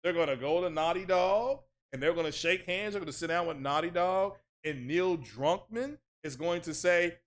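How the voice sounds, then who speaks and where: A man hosts a casual gaming livestream with a fairly high voice. He rants about console news in a mocking, animated way. He talks straight to his chat viewers. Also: moderate pace, hardly any pauses.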